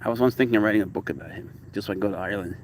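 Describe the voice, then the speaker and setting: A man's voice: fairly low pitch, racing, slight background noise. A man casually chatting while out with his pet cat, rambling about life and switching into cooing baby talk for the animal. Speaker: cat owner vlogger. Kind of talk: casual outdoor vlog chat. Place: outdoors by a lake.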